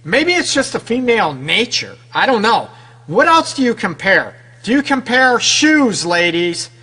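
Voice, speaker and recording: Guy doing a relationship advice radio show, high bright voice, chatty, keeps asking the ladies questions. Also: sing-song, a little slow, slightly rough. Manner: direct, conversational, keeps addressing women listeners; frequent rhetorical questions and tag "right?". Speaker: relationship counselor and radio host.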